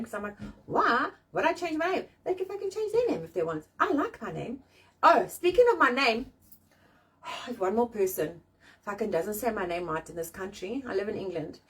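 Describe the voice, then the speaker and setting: Recorded on a distant mic outdoors in the rain, a middle-aged woman with a husky, mid-range voice hosts a casual live chat show. She's animated and blunt, cursing freely between rants and jokes.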